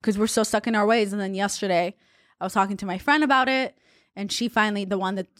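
Chatty young woman guest, loose storytelling with sudden pitch leaps; dry, close recording. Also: quick pace, fairly bright tone, no echo. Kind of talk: casual storytelling.

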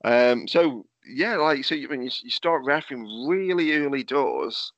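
A man's voice: medium pitch, animated, unhurried, no room sound. A man hosting a podcast, chatting casually and swearing freely over a video call. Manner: sweary, laid-back storytelling. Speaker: podcast host and wrestling promoter. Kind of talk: casual chat. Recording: muffled Skype call audio.

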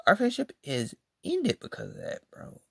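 A podcast host telling a story in a casual monologue, slangy and animated, acting out quoted lines with big jumps in pitch. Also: moderate pace, vocal fry, breathy edge, dry recording, studio quality.

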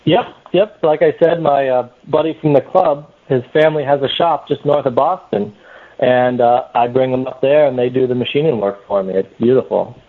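A man's voice: medium pitch, normal speed. A man from New Hampshire with a New Hampshire accent, a guest on a podcast, explaining plainly with many "uh" starts. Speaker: guest, small parts maker. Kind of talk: casual podcast chat. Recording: tinny phone-line sound.

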